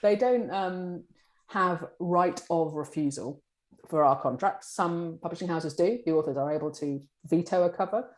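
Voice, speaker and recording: A woman in a publishing role, answering interview questions in a chatty, animated way. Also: fairly low pitch, moderate pace. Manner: chatty, animated, acts out colleagues' lines. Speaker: publishing director. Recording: echoey room.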